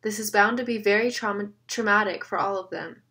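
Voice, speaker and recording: A woman reading an audiobook and voicing a man who explains things calmly and sneers at his rivals. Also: medium pitch, brisk. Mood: explaining. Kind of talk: audiobook character voice.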